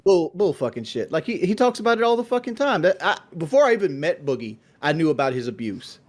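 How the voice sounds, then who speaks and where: A man's voice: fairly high pitch, big pitch swings, fast talker. A blunt man on a podcast, dismissive and swearing.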